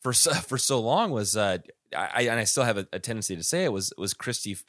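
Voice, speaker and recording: A man co-hosting a podcast, chatting casually in a relaxed way that trails off mid-thought. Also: lowish voice, quick pace, few pauses, dry recording, clean studio sound. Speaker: podcast co-host. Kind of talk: casual chat.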